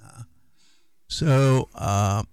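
A man's voice: mid-range voice, very slow, a little mellow, clear, resonant tone, no room sound. A middle-aged man co-hosting a radio show in loose, rambling casual chat with many fillers. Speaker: radio co-host.

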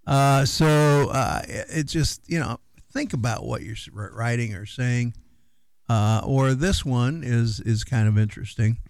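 A man's voice: medium pitch, measured pace, clean tone, no echo. A middle-aged man co-hosting a radio show in loose, rambling casual chat with many fillers. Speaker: radio co-host.

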